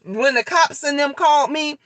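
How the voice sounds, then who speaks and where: Bright, emphatic middle-aged woman livestreaming. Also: high-pitched, moderate pace, no echo. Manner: emphatic, heated and profane, repeating her points; talks straight to her viewers, answering their comments. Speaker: livestreamer talking to her chat. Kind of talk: casual livestream chat.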